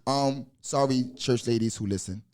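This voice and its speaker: A man's voice: medium pitch, moderate pace, over a noisy crowd. A man in his forties with an American accent hosts a podcast in a loose, profane style, full of asides and restarts. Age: 40s. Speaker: podcast host. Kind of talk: casual podcast talk.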